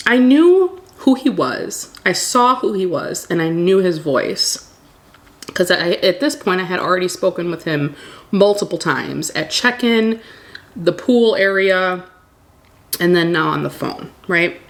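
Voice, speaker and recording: A woman casually telling a storytime tale to her viewers, animated and acting out what people said. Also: fairly low pitch, a little slow. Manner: animated retelling, acting out quoted dialogue.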